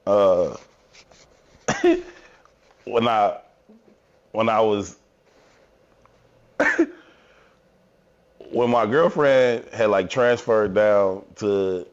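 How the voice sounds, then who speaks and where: A man tells stories on a podcast, acting out the other people's lines with plenty of cursing. His voice sits on the low side. The audio is dull and lo-fi. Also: slow, long pauses. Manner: animated storyteller, profane, acts out quotes. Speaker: podcast co-host. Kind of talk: casual chat, storytelling.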